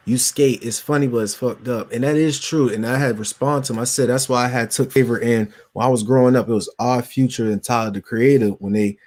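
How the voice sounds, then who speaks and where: A young man hosts a relaxed podcast chat. He readily agrees with his guest and breaks in with his own stories. His voice sits at an ordinary male pitch. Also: fairly quick, few pauses. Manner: laid-back, agreeing, chimes in with asides. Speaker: podcast host. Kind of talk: casual podcast conversation.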